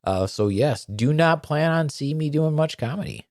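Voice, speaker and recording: A man's voice: a little high, animated, moderate pace, a little mellow, no echo, studio quality. A man hosting a comedy podcast in casual chat, wry and swearing freely.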